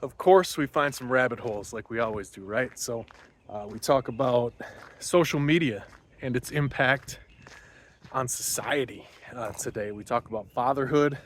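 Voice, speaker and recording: A man's voice: mid-range voice, moderate pace, a little hiss or hum. A man hosting a podcast, giving a casual, rambling spoken intro outdoors on a morning walk, a little out of breath. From Wisconsin. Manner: loose, rambling, many fillers. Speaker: podcast host.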